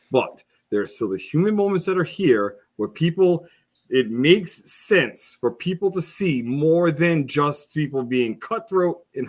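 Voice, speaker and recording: A man's voice: mid-range voice, a bit bright. A man co-hosting a podcast, ranting with passion, blunt and profane. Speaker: podcast co-host. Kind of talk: casual podcast discussion.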